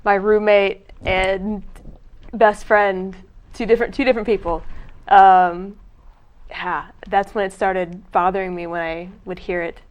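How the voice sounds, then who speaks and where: A woman's voice: mid-range voice, a little slow. A young adult woman chatting casually about speech habits, laughing often as she tells stories. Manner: laughs often, animated storytelling. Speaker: daughter sharing pet peeves. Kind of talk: casual family chat.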